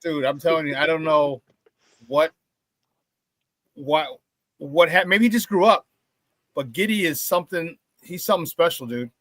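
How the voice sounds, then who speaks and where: A man hosting a sports talk show, talking excitedly and casually with many restarts and repeated phrases. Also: on the high side, normal speed, pauses often, no echo. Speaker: sports radio host.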